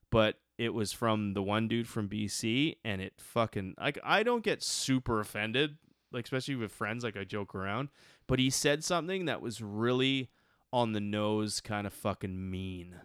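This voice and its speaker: A man's voice: on the low side, fairly bright tone, clear, resonant tone, dry recording, clean studio sound. A young adult man telling a long personal story in casual chat, rambling and swearing freely. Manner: profane, rambling, lots of restarts and fillers.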